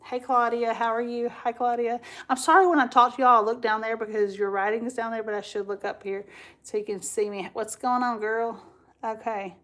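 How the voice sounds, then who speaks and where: A woman's voice: on the high side, steady tone, fairly quick, fairly bright tone. A woman chatting casually and at length to viewers as the host of her crafting livestream, laughing often.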